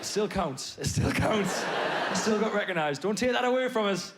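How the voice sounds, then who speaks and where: A man on a comedy stage spins a story in a fairly high voice. He keeps jumping from loud outbursts to low mutters. His pitch moves all over the place. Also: normal speed, very noisy. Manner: animated, swings between loud bursts and low muttered asides. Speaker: stand-up comedian. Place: comedy stage before a live audience.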